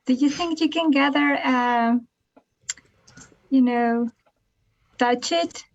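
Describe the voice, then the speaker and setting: A woman's voice: high voice, dull audio. A woman doing a stammering alien controller. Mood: curious. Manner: stammering, halting. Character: alien mission controller, hesitant and curious. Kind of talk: live improv scene.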